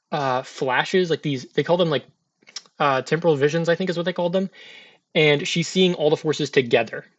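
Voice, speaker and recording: A man with a slightly high voice recaps a TV episode in a relaxed, rambling way, full of fillers and quick restarts. The recording sounds dull and lo-fi, like a simple home setup. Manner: chatty, filler-heavy, loose retelling. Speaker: TV episode reviewer.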